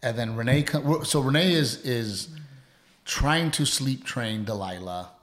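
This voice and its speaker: A man's voice: medium pitch, measured pace. A man co-hosting a casual chat with his partner, telling stories with lots of "dude" and "right?". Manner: animated storyteller, says "dude" and "right?" a lot. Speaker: podcast co-host. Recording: roomy echo.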